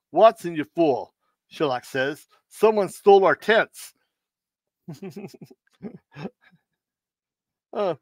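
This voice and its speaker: A man's voice: a little high, a bit bright, clear, resonant tone, dry recording. A man hosting a live stream, telling corny jokes and riddles, often stumbling and restarting and laughing at his own punchlines. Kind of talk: casual joke telling.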